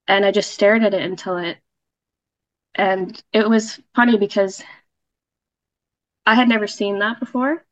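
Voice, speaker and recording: A woman's voice: medium pitch, fairly even intonation, moderate pace, dry recording. Woman guest, chatty storyteller, muffled dry remote-call sound. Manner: chatty, with frequent fillers and laughs. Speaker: podcast guest sharing a story. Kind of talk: casual storytelling.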